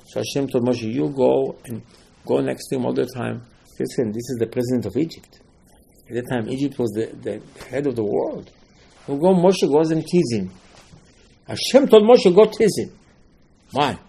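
A man teaching a Torah class, telling the stories with lively acted-out dialogue and sudden swings between loud outbursts and quiet asides. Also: medium pitch, vocal fry, slightly rough.

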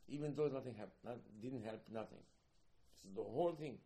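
A man's voice: medium pitch, fairly quick, dark tone. A man teaching Torah in a sermon, repeating himself and firing rhetorical questions as he acts out little dialogues.

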